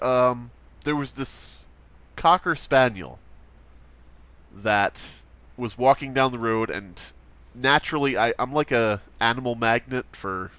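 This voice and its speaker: A man hosting a let's play, telling stories in casual chat, animated and swearing freely. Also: mid-range voice, clean tone, no room sound. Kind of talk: casual chat while gaming.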